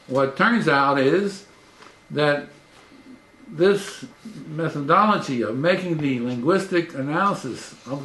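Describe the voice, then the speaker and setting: Halting lecturing man in an echoey room. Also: a bit bright. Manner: halting, with repeated restarts and frequent pitch jumps for emphasis. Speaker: professor giving a talk.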